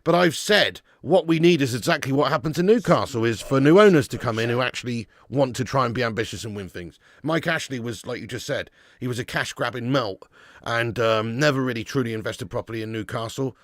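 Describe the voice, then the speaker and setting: Brisk and mid-range, this man's voice comes through with no room sound as he hosts a live football watch-along. He's full of banter with his chat, reads super chats aloud, and flares up shouting in mock outrage at the players.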